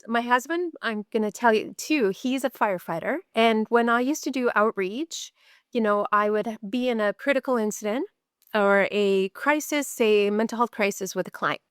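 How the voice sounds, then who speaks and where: Middle-aged woman from canada telling her nursing story, frank, repeats herself for emphasis, crisp voice. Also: mid-range voice, a bit bright, no room sound, clean studio sound. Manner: earnest, candid, repeats words for emphasis. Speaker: guest, mental health nurse. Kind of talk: podcast interview storytelling.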